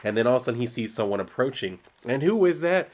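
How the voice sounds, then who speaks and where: A man's voice: mid-range voice, sing-song, quick pace. A man casually recapping and reviewing a comic book, talking loosely with lots of asides and filler words, and sometimes exasperated. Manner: loose and conversational, full of "like" and asides, riffing and exasperated. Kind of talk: casual video commentary.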